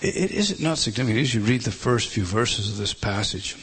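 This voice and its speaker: A man preaching a sermon, emphatic, often restarting and repeating words, swinging between loud stresses and hushed asides. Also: on the low side, animated, a little fast, slight background noise.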